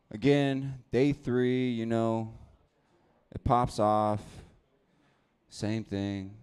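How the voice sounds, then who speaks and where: A young man doing a stand-up set at a comedy club on a handheld mic, telling his stories in a laid-back deadpan way. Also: medium pitch, extremely slow, pauses often, clean tone.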